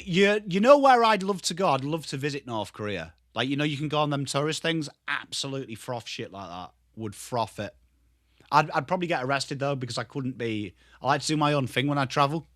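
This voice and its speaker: An English man hosting a live football watchalong, chatting with his viewers and swearing casually while he calls the play and shouts at big moments. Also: medium pitch, lively intonation, moderate pace, dry recording, clean studio sound. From England. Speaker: livestream host.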